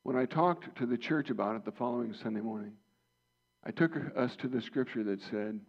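A man's voice: mid-range voice, brisk, creaky. A man preaching a sermon as pastor, earnest and personal, rising to impassioned emphasis. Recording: dull lo-fi sound.

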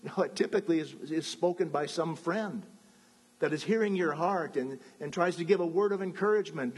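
A pastor preaching in a loose, chatty way, doubling back and adding asides as he goes. His man's voice sits a touch high and has a husky edge, and a long reverb hangs behind it in the church. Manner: conversational, with restarts and asides. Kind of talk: sermon.

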